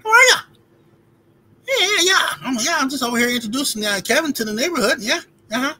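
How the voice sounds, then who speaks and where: A man voicing a deep-voiced man who shifts into a meek, high, overly polite voice. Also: lively intonation, quick pace, sharp tone, exaggerated voice, low-quality recording. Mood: meek politeness. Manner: squeaky, timid, overly polite.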